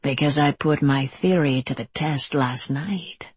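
A narrator voicing a cruel male monster with a slick, wet voice, speaking slowly in hushed menace. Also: mid-range voice, breathy edge. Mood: whispered threat. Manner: slow, hushed, whispering menace.

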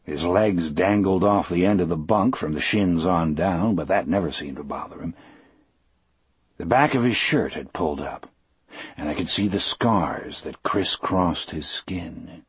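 Deep, very husky male audiobook narrator. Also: no room sound. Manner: measured, unhurried first-person storytelling.

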